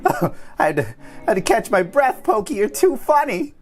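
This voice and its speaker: A woman's voice: medium pitch, sing-song, moderate pace. A woman streamer laughing and giggling breathlessly.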